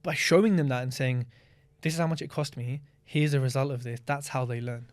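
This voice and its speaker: A man speaking as a guest in an interview, blunt and candid, telling stories in a lively way and swearing freely. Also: medium pitch, fairly quick. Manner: animated storytelling with acted-out asides. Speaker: podcast guest, property investor. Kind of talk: casual interview talk.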